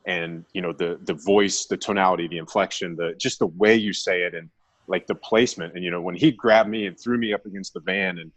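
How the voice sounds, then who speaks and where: A man speaking as a guest in a casual conversation, telling his experience in a relaxed way full of "you know" and "like". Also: low voice, a little fast, no room sound. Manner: relaxed, filler-heavy storytelling.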